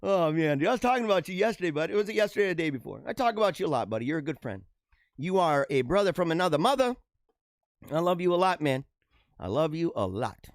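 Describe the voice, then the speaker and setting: A livestream show host with a fairly high, very lively voice chats quickly and animatedly through viewer comments, often dropping into low asides. A radio-style studio mic makes him sound close and dry, with no echo.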